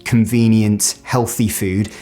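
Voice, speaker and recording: A young British man from the UK chatting casually to camera in a vlog, animated and full of "like" fillers. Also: on the low side, takes it slowly. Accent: British English. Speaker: vlogger.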